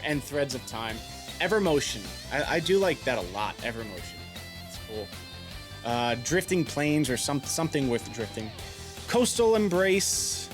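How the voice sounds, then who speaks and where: In an animated, medium-pitched voice at a moderate pace, a man streams live from his piano, reading chat messages aloud, mulling them over with hums, laughs and casual musings. Gentle music sounds in the background.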